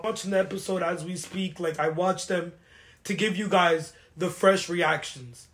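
A woman's voice: lowish voice, fairly bright tone. A woman hosting a casual chat show, venting emotionally and repeating phrases for emphasis. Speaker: podcast host.

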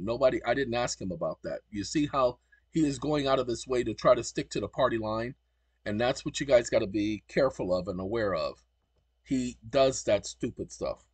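Combative husky man lecturing. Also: lowish voice, a little mellow, no room sound. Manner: combative, lecturing, spells words out letter by letter. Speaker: channel host. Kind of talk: commentary on screen recording.

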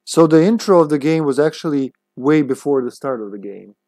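A man's voice: a little high, expressive, fairly quick, a little mellow, no room sound, clean studio sound. A man streaming a game, chatting casually, swearing freely and yelping when his character is hit. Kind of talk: casual gameplay commentary.

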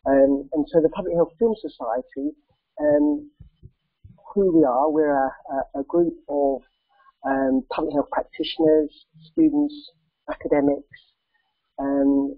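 Croaky man w a cold, hesitant talk full of ums, tinny dry call audio. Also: on the high side, very animated, measured pace, no room sound. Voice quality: croaky, gravelly. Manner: hesitant, many ums and uhs. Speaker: charity president giving a talk. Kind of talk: online presentation. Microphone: video call.

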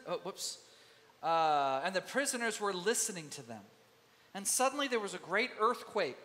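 A man preaching a sermon as pastor, lively and conversational, acting out the voices of biblical figures. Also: high-pitched. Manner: animated, acts out biblical voices. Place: church sanctuary. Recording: long hall reverb.

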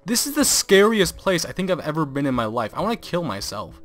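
A young gaming video host narrates a let's play into a close desk microphone, exasperated and profane, swearing and laughing at what unfolds. His voice is on the high side and sing-song, a little fast with few pauses, with no echo and faint music behind.

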